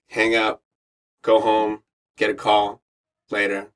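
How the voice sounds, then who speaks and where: Lively male guest storyteller, bright voice, acts out quotes, swears freely. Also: fairly low pitch, slow, pauses often. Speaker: actor and radio host, interview guest. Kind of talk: animated storytelling.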